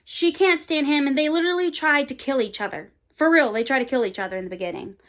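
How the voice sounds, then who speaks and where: A twentysomething woman with a high, slightly bright voice talks quickly and casually about books she loves. She's a book vlogger who rambles a bit, dropping fillers and playful slang as she makes recommendations.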